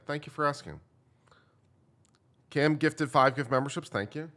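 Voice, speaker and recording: A man's voice: fairly high pitch, moderate pace, fairly bright tone. A young man hosting a live stream, chatting casually and joking while thanking viewers. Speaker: host reacting to a live trial stream.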